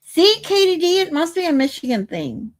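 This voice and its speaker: A livestream host with an extremely high voice and big pitch swings talks at a moderate pace. She chats playfully, reads viewer comments aloud and tries out how words sound.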